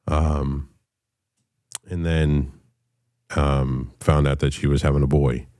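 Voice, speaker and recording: Deep dark-voiced guy in his 30s, cussing a lot, lots of ums, dry close sound. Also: flat delivery, no echo. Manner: candid and profane, halting with fillers. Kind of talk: personal storytelling.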